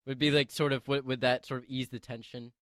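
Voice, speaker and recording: A man hosting a casual podcast interview, talking in halting bursts with lots of restarts and laughter. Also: medium pitch, flat delivery, a bit bright, no room sound, clean studio sound. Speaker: podcast host.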